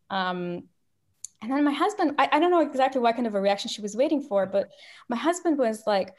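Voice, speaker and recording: Woman from Romania, interview guest, slightly high voice, chatty anecdotal delivery. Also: a little fast. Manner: animated storytelling, frequent restarts and fillers. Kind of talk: conversational interview.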